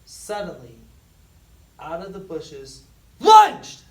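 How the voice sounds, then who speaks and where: Expressive storybook reader, unhurried. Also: mid-range voice. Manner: expressive, with dramatic pauses and loud surges. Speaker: school staff reading to students. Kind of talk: storybook read-aloud. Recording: echoey room, distant mic, faint noise.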